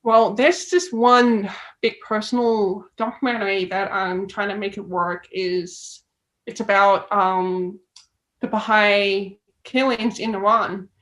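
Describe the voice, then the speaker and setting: A woman's voice: mid-range voice, fairly even intonation, slow pace, a bit bright, rough recording. A woman with an Australian accent, a filmmaker guest chatting casually and acting out the reactions she quotes. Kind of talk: casual interview chat.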